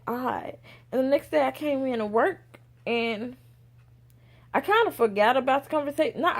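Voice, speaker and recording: A young woman, telling a personal story to camera in a lively, casual way and acting out the people she quotes. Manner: animated, acts out quoted people with big pitch jumps. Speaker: vlogger.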